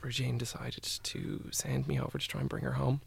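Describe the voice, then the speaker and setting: A young man, a guest telling a personal story in a halting way full of "like" and "I was like". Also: mid-range voice, monotone, vocal fry, breathy edge. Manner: halting, with many "like" and "I was like" quotes.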